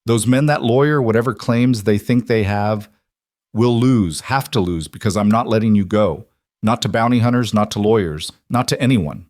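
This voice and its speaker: A man's voice: lowish voice, moderate pace, darkish tone, no room sound, studio quality, natural voice. A man voicing a plain-spoken, protective frontier trapper in a storybook reading. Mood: firm.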